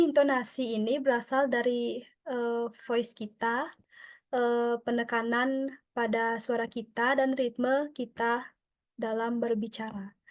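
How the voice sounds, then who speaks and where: A young Indonesian woman with an Indonesian accent, a student giving a class presentation in a hesitant way, often pausing on "uh" and mixing in Indonesian. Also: a little high, no echo. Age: young adult. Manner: hesitant, many filler "uh"s, switching between English and Indonesian.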